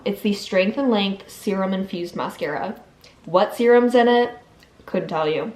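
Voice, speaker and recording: Chatty young woman vlogging. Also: mid-range voice. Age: young adult. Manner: chatty, playful, upbeat. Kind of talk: casual vlog chat. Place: home, then outdoors on errands.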